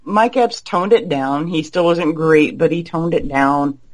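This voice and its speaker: Higher-voiced man with blunt opinions. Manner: opinionated, blunt, quick to judge. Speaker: podcast co-host. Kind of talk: casual film discussion.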